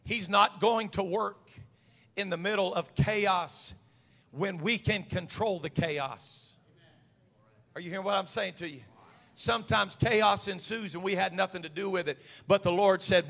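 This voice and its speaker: A preacher man with a high, bright voice delivers a sermon that swells from measured teaching into shouted fervor. He mimics anxious congregants in a mocking tone. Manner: preaching with rising intensity and crowd call-and-response. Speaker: pastor.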